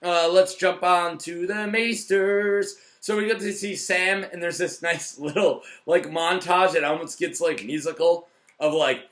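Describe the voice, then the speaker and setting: A man talking through a TV episode review in a loose, ranting way, cursing freely and circling back on himself mid-sentence. His voice sits a little high and rings bright and forceful. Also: steady tone, a little slow. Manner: profane and blunt, rambling with restarts. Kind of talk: casual rant-style review.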